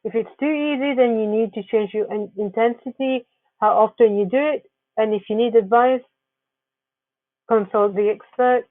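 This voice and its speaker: A woman's voice: a little high, normal speed, dry recording. A woman presenting a narrated slideshow, giving earnest wellness advice with frequent restarts. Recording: tinny phone-like, dry sound.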